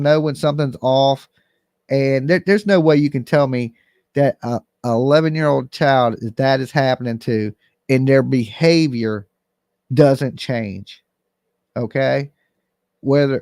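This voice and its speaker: A man's voice: medium pitch, a little mellow, no echo, studio quality. A man hosting a live call-in commentary stream, talking bluntly and emphatically straight to his viewers. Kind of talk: casual livestream commentary.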